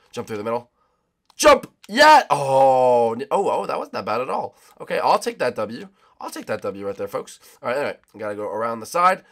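Excitable man with lively commentary. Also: lowish voice. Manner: excitable, rambling, talks to viewers while racing. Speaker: gaming channel host. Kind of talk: casual gameplay commentary.

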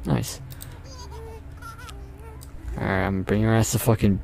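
A man's voice: fairly low pitch, steady tone, measured pace, gravelly, long pauses, a little mellow. A young man playing a horror game, jumpy and nervous, swearing often and laughing at his own scares. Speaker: gamer.

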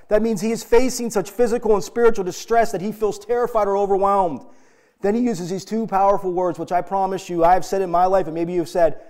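Male pastor, middle-aged, high voice, earnest emphatic sermon delivery. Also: fast talker, a little mellow. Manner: earnest, emphatic preaching with direct questions to the congregation.

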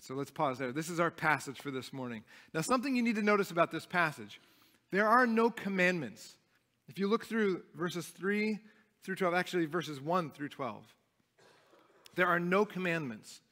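A man's voice: fairly high pitch, bright, forceful tone. A young adult man preaching a sermon as pastor, earnest and emphatic, often restarting his phrases. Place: church sanctuary. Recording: long reverb of a church hall.

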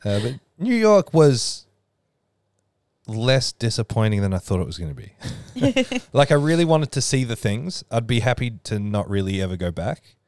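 A man's voice: mid-range voice, big pitch swings, moderate pace, darkish tone, dry recording. A man co-hosting a podcast, telling stories in a blunt, wry, casual way. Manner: storytelling, wry and blunt, mimics voices for laughs. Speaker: podcast co-host. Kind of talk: casual chat.

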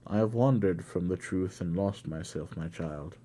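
A man reading a classic novel aloud, voicing a gentle old father who pleads as he confesses. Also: sits low, normal speed, a little hiss or hum, natural voice. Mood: remorseful. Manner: pleading, tender.

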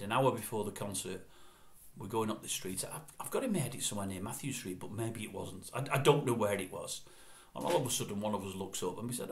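A man, reminiscing to camera in a chatty, meandering way and often correcting himself. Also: on the low side. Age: 60s. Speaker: vlogger. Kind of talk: rambling reminiscence.

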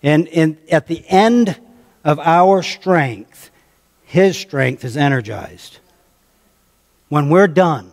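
American male pastor, slightly high voice, conversational sermon, long church-hall reverb. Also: expressive, slow pace, pauses often, a little mellow. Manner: conversational preaching, calls on the congregation, repeats phrases for emphasis. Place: church sanctuary.

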